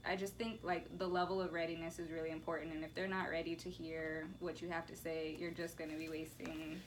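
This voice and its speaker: A woman's voice: low-pitched, fairly quick, a little hiss or hum, rough recording. Earnest woman in casual discussion. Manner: earnest, animated when quoting others. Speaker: college instructor.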